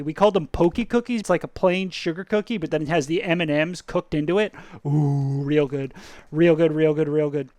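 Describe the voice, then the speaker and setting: A man with a fairly high voice reacts to a video in casual chat. He tells anecdotes and laughs often. The sound is dry and close, with no room echo.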